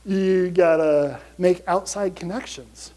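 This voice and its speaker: High-voiced energetic man giving a talk. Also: takes it slowly, poor audio. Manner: energetic, chatty, repeats "you gotta" and "right?". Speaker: conference speaker. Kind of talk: motivational conference talk.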